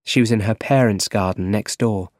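A man narrating an easy-English story for learners, reading clearly and carefully. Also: lowish voice, normal speed, a little mellow, no echo, studio quality. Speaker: audiobook narrator.

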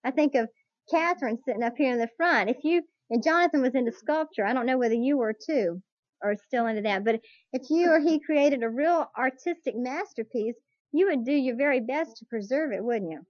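A woman teaching a Bible class to a live group, earnest and slow on key points, putting questions to her listeners, on a dull lo-fi tape recording. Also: high voice, dry recording. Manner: earnest, drawn-out emphasis, asks the audience questions.

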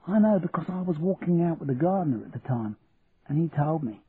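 A male narrator voicing a humble, kindly older woman, speaking softly in a raised voice, on a tinny radio recording with faint hiss. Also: a little high, lively intonation, a little fast, pitched above the performer's own voice, natural voice. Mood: hushed. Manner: raised and soft-spoken.

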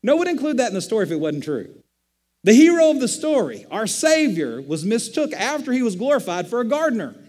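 A middle-aged man, a pastor, preaching a sermon in a conversational, animated storytelling manner. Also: very high voice, brisk, big-room sound.

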